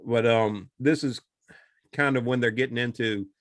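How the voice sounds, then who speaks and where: A man's voice: medium pitch, normal speed, dry recording. A man casually retelling a movie, rambling along and acting out the characters' lines. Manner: rambling, animated retelling with acted-out quotes. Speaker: podcast co-host. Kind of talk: casual chat.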